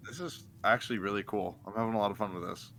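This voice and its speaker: A man's voice: on the low side, quick pace, fairly bright tone, slight background noise. A man playing a tabletop game, who chats casually and bargains playfully in character. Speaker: player.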